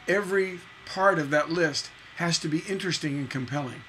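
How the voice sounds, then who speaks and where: Bright, chatty man teaching songwriting. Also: fairly high pitch, normal speed, faint music behind, poor audio. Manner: chatty, rambling, repeats words, sings syllables to show rhythm. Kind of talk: casual livestream lesson.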